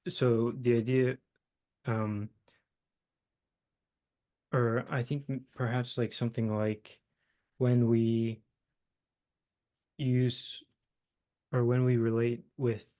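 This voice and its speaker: A young man hosting a casual philosophical conversation, talking haltingly with many fillers as he searches for words. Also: medium pitch, little pitch movement, warm tone. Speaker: host.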